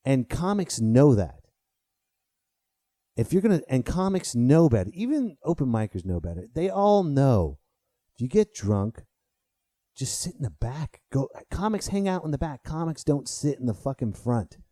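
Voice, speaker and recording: A man's voice: mid-range voice, moderate pace, no room sound, clean studio sound. A man in his thirties, a stand-up comic hosting a podcast, telling a story in a casual monologue and swearing freely as he gets riled up. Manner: animated, swearing, rises sharply when riled. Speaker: podcast host and stand-up comedian.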